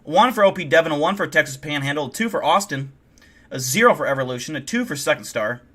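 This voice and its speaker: A man's voice: on the high side, lively intonation, quick pace, a bit bright, slightly rough. Ranting, foul-mouthed male streamer. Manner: ranting, profane, incredulous. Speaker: streamer host. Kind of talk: live stream reaction commentary.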